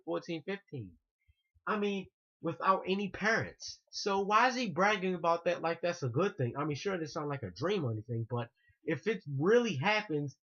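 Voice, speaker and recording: A muffled lo-fi recording catches a man with a slightly high, fairly bright voice. Ranting indignantly to his vlog audience, he keeps repeating himself and starting his sentences over.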